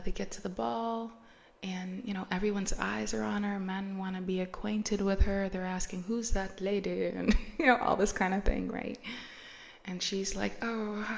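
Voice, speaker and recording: Chatty woman with a gravelly voice. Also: mid-range voice, little pitch movement, normal speed. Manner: chatty, slangy, laughs often. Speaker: podcast host. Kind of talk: casual storytelling retelling.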